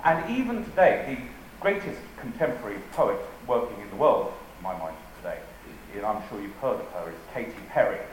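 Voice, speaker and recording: A man's voice: fairly low pitch, big pitch swings, a little fast, a little hiss or hum. An English man giving a humorous talk on rhetoric to a live audience, with a dry, playful, witty delivery and quotes recited with emphasis. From England. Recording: very echoey hall, faint ambience.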